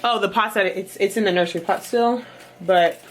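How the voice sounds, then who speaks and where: Chatty, animated woman vlogging at home. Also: brisk, a little hiss or hum. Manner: chatty and animated, voice jumping high in exclamations. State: a bit out of breath. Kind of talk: casual home vlog. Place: apartment rooms, moving around.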